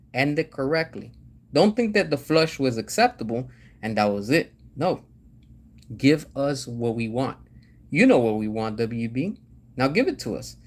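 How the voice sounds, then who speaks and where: A man hosting a live stream, ranting in an emphatic, fired-up way with sarcastic mocking asides. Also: medium pitch. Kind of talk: ranting commentary.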